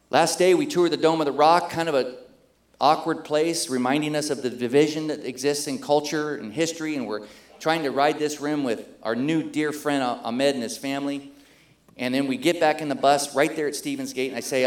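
A middle-aged man pastor telling a story in a sermon, animated and acting out the voices of the people in it. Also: mid-range voice, moderate pace, echoey room. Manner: animated, acts out quoted voices.

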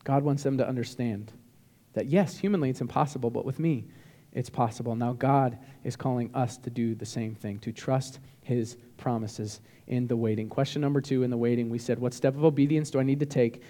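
A man preaching a sermon as a pastor, animated and emphatic, with bursts of rising intensity. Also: mid-range voice, fairly quick. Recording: long hall reverb.

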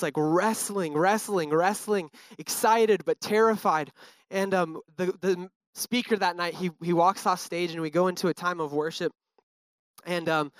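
A man's voice: sits high, a bit bright, clean tone, no room sound. A young man giving an earnest, casual personal testimony, full of fillers. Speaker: speaker sharing a testimony.

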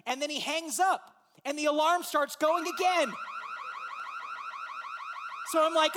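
A man, a pastor, telling a lively personal story in a sermon and acting out the voices in it. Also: extremely high pitch, moderate pace. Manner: animated, acts out voices in his story.

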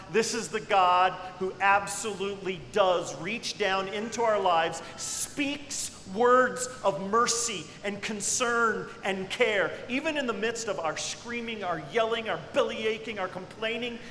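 A man preaching a sermon with great dynamics, dropping to hushed tones and then rising to cries. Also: high voice, unhurried, few pauses, a little hiss or hum. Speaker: pastor. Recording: echoey hall with long reverb.

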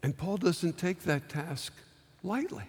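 Preacher in a reverberant hall. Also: male voice, sits high, animated, a little mellow, husky. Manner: dramatic slow emphasis, acting out quoted pleas. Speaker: pastor. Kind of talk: sermon.

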